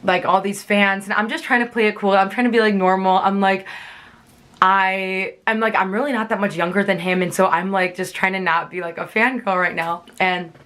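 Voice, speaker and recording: A woman's voice: mid-range voice, fairly even intonation, normal speed, a bit bright. A young woman telling a chatty storytime vlog, filling her sentences with "like". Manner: chatty, many fillers like "like". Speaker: vlogger.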